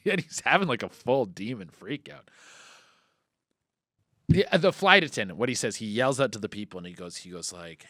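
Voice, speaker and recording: Young guy hosting a comedy podcast, bright voice that jumps all over, swears a lot, dry close sound. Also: medium pitch, normal speed, no echo. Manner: animated, profane, swings from mumbled asides to loud bursts. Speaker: podcast host. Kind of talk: casual comedic monologue.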